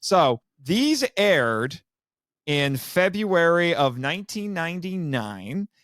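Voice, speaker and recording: A man's voice: a little high, sing-song, slow, fairly bright tone, no echo, clean studio sound. A man hosting a podcast in casual chat, rambling and correcting himself as he goes, laughing often. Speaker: podcast host.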